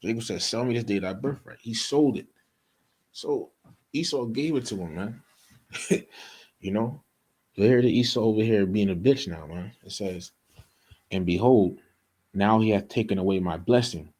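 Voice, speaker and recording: Man, husky voice, lowish pitch, casual bible teaching, frequent "okay?". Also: moderate pace, long pauses, darkish tone, poor audio. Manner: casual, repeats "okay?" and "you know".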